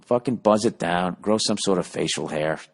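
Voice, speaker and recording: Profane rambling podcast host, late forties. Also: male voice, deep voice, moderate pace. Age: 40s. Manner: profane, rambling, self-mocking. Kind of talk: casual comedic rant.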